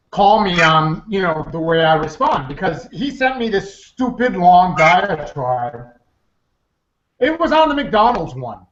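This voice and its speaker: A man co-hosting a podcast in casual chat, blunt and animated, swearing and acting out quotes. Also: high voice. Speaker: podcast co-host. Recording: echoey lo-fi room, background noise.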